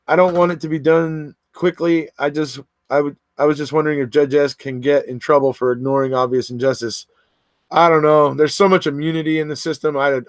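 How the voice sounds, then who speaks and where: A man's voice: medium pitch, no room sound. A man hosting a casual livestream, reading viewer comments aloud and answering them in a chatty way. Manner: chatty, reads comments aloud and answers, frequent restarts and fillers.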